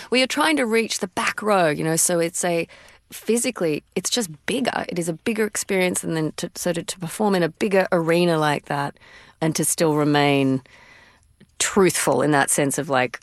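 A woman's voice: lowish voice, normal speed, no echo, clean studio sound. A woman actress talking enthusiastically as an interview guest, laughing often and restarting her sentences. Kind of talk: conversational interview.

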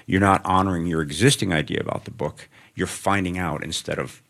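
A middle-aged author speaks briskly in a deep, gravelly voice with a steady, fairly bright tone. Onstage before a student audience, his interview answers ramble, thoughtful and self-deprecating.

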